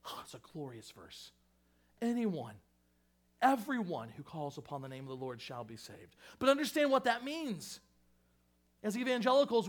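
A pastor delivering an impassioned sermon, emphatic and repetitive, swinging from raised fervor to hushed intensity. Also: male voice, very high voice. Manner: impassioned, emphatic preaching with repeated phrases.

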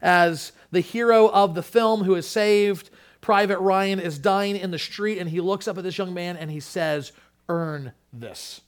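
Fervent male preacher, hushed to booming. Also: fairly even intonation, moderate pace. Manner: swings from hushed to loud preaching. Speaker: pastor. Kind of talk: sermon with closing prayer.

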